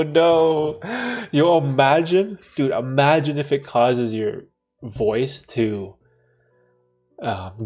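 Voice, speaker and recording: Laid-back slangy male livestream host. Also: a little high. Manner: laid-back slangy banter, frequent laughter. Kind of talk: casual livestream Q&A, reading chat aloud.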